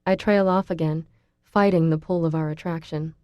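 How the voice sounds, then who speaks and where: A woman narrating a first-person audiobook in an intimate, expressive storytelling manner. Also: low-pitched, normal speed, smooth, dry recording, highs cut off.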